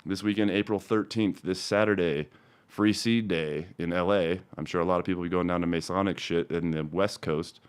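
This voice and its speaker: Smooth, fairly quick, and low-voiced, this profane Denver, Colorado man hosts a show for a cannabis seed business. His casual livestream talk starts as angry ranting and turns calm and chatty.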